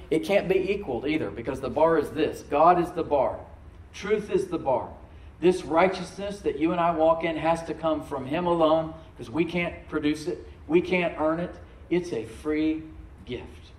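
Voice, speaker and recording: A man preaching from the pulpit in a somewhat high voice that rises to loud, emphatic peaks and drops to quiet asides. He calls on the congregation to repeat after him. The sound carries a roomy echo. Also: moderate pace, recorded from a distance. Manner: preaching with sudden loud surges and soft asides. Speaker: pastor. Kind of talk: sermon.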